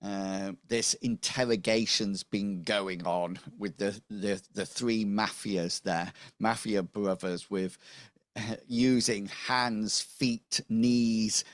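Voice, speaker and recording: Slow, rambling man running a game. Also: fairly low pitch, fairly even intonation, no room sound. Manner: slow and rambling, many fillers. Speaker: game master. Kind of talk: narrating a tabletop game.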